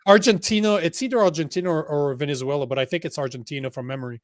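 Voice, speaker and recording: Excitable man hosting a casual podcast. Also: fairly high pitch, racing, no room sound, studio quality. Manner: excitable, swears a lot, laughs often. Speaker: co-host. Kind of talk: casual political podcast chat.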